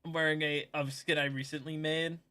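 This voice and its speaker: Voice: medium pitch, level tone, brisk, sharp tone. A streamer in casual gaming chat, rambling and joking with frequent giggles.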